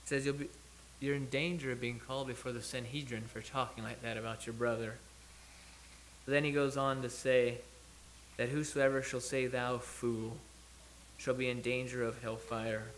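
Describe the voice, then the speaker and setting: A man's voice: medium pitch, steady tone, moderate pace, a bit bright, slight background noise. A man preaching a sermon in church, talking it through in a conversational way with restarts and self-corrections as he thinks aloud.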